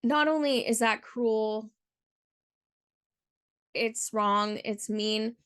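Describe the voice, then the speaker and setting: A woman's voice: fairly high pitch, extremely slow, fairly bright tone, clean tone, no echo, clean studio sound. A woman hosting her channel, reading a viewer's submitted story aloud and then reacting with earnest, heartfelt commentary full of casual fillers. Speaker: channel host.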